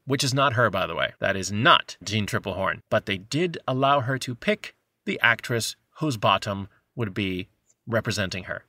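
Male podcast co-host: bright, animated, sarcastic, dry close mic. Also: lowish voice, normal speed, dry recording. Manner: animated, sarcastic, acts out quotes in mocking voices. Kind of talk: casual movie review chat.

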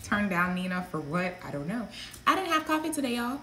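A woman's voice: medium pitch, sing-song, brisk, sharp tone, reverberant, slight background noise. A woman minister giving a casual, digressive sermon, talking straight to her online viewers. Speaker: prophetic minister.

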